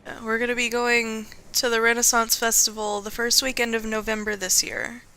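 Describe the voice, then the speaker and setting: A woman's voice: a little high, level tone, normal speed, pushed and bright, slight background noise. A woman, chatting casually and playfully as she streams a game. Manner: chatty, playful, talks to herself. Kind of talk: casual gaming commentary.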